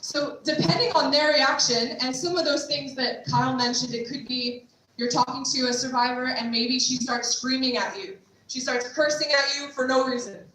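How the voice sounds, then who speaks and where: A woman's voice: high-pitched, fairly even intonation, normal speed, fairly bright tone. A young woman giving a chatty training talk to a group, often acting out quoted dialogue. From United States. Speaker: trauma care trainer and street outreach worker. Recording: echoey hall from far off, faint noise.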